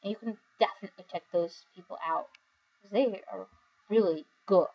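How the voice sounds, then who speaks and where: A tired young woman reading viewer comments in a casual, rambling chat, giggling often and filling pauses with "um" and "like". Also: mid-range voice, slightly rough, highs cut off. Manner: giggly, rambling, with many fillers. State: overly tired. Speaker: video creator reading comments.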